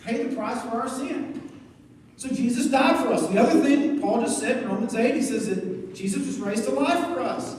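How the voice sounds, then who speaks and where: A man's voice: extremely high pitch, moderate pace, far from the mic. A man preaching to students, telling stories with jokes and asides. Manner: animated storytelling with jokes and asides. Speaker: youth pastor. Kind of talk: youth sermon. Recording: echoey hall, mic from afar.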